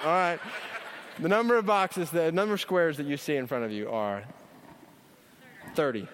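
A man preaching a teaching sermon in a church, energetic and emphatic, often repeating key phrases. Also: high voice, normal speed, pauses often, slight background noise. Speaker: pastor. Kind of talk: sermon teaching on Bible study. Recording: long hall reverb.

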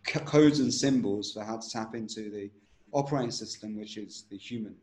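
A man's voice: fairly low pitch, fairly quick, darkish tone, echoey room. A man teaching a breathing technique in an interview, instructive and repetitive, often checking in with "right?".

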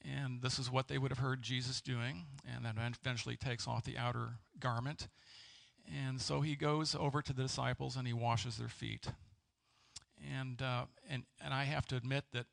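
Gravelly-voiced man preaching a sermon. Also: medium pitch, level tone, a bit bright. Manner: halting, searching for words with many fillers. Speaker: pastor. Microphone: presenting with slides.

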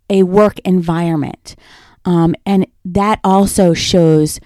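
A woman's voice: mid-range voice, mellow, dry recording, clean studio sound. A woman giving a conversational lesson on communication, illustrating her points with personal stories. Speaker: instructor. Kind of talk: lecture on communication.

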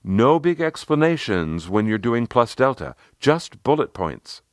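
A man voicing a brisk, no-nonsense woman who talks in short, clipped phrases. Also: mid-range voice, big pitch swings, no echo, clean studio sound, voice pushed up. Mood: firm. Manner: terse, clipped.

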